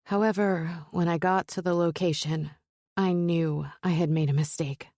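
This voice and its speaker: A woman narrating a romance novel in first person, in a measured, steady storytelling manner. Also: fairly low pitch, no echo, clean studio sound. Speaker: audiobook narrator.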